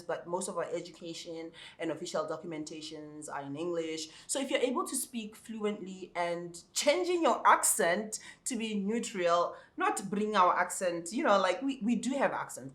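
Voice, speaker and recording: A man with an African accent and a high, soprano-like voice talks straight to his viewers. He gives casual advice as an ESL teacher, restarting and repeating words as he goes. The room around him is echoey. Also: very animated, moderate pace, hardly any pauses, sharp tone.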